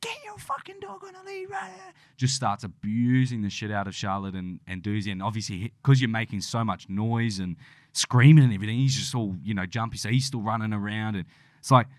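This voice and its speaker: Rambling podcast guy, low voice. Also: a little fast, no room sound, clean studio sound. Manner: rambling storyteller, swears freely, acts out quotes. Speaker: podcast co-host. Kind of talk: casual chat.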